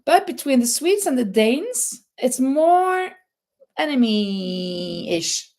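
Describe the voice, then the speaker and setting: Slow-talking Norwegian woman chatting. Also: sits high, animated, darkish tone. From Norway. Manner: chatty, laughs often, reads viewer comments aloud. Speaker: crochet channel host. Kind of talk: casual live-stream chat.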